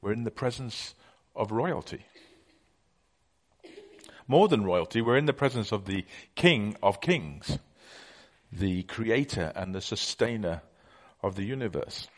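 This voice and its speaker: A man's voice: lowish voice, lively intonation, measured pace. A middle-aged man preaching a conversational sermon, telling stories with many fillers.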